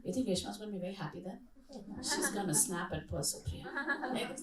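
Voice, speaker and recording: A middle-aged woman speaks at medium pitch and normal speed, leaving long pauses while a loud crowd is heard. She leads an interactive workshop in a conference hall, telling lively stories and asking questions, her voice distant and echoey.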